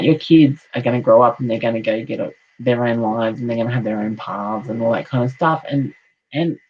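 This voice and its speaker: A woman's voice: sits low, husky, lo-fi sound. A woman giving a psychic medium reading in a chatty, affectionate way, calling listeners honey and darling. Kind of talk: live online reading, casual chat.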